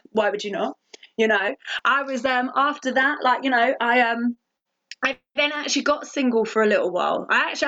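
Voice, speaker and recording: A woman's voice: fairly high pitch, fairly bright tone. Lady sharing her recovery story, candid, swears a lot, kinda muffled recording. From England. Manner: blunt and candid, swears freely. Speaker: recovery speaker. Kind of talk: personal testimony talk. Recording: dull lo-fi audio.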